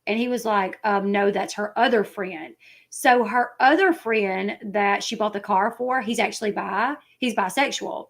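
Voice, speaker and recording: A woman's voice: medium pitch, a little slow, vocal fry, a bit bright. Woman host, Southern country accent, chatty livestream commentary, rambling delivery. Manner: chatty, rambling, acts out quoted people. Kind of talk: casual livestream chat.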